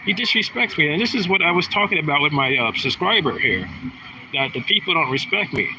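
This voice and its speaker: A man's voice: a little high, lively intonation, brisk, background noise. A man in his thirties talking in a rambling, aggrieved monologue, often restarting his sentences. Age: 30s. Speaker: vlogger. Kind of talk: casual monologue.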